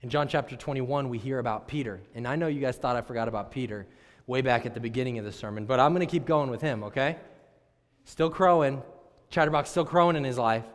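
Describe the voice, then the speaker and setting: A man preaching a sermon as pastor, moving between loud and hushed delivery and acting out dialogue between characters. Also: mid-range voice, fast. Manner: dynamic, swings from loud to hushed. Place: church sanctuary. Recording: long church hall reverb.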